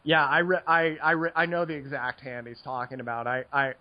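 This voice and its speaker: A man's voice: mid-range voice, level tone, fairly quick, muffled recording. A man co-hosting a podcast and talking about poker in a casual, rambling way, laughing often and filling his talk with "like". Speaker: podcast co-host, poker player. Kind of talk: casual chat.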